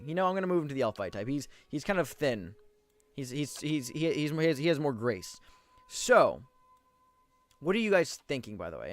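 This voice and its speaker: A man talks viewers through a game in a loose, chatty let's-play voice, tripping over his words and starting sentences again. He pauses to read on-screen text aloud at a middling pitch. Soft game music plays faintly underneath. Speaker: gaming video host. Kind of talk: casual let's-play commentary.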